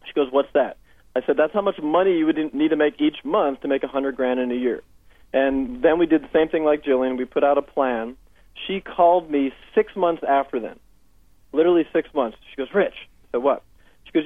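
A man's voice: on the high side, moderate pace, dry recording. A man with a Southern Californian accent, a life coach telling upbeat client stories as a guest on a radio interview by phone. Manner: upbeat storytelling, quotes clients in dialogue. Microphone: phone headset. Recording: dry tinny phone line.

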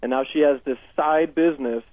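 A man's voice: a little high, brisk, dry recording. Upbeat man on a tinny phone line. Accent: Southern Californian. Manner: upbeat storytelling, quotes clients in dialogue. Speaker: guest, life coach. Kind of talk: radio interview by phone. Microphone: phone headset.

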